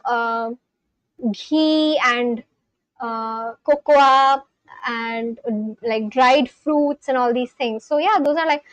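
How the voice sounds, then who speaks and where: A young Indian woman, a native Marathi speaker with an Indian English accent, chats casually on a livestream, responding to her chat with plenty of ums and likes. Her voice is high-pitched, and the audio is poor with no room sound.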